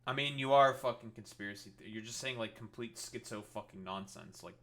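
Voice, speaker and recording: Male streamer, bright forceful voice, swearing, exasperated ranting. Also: on the low side, a little fast. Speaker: political commentator streamer. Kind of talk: reaction commentary.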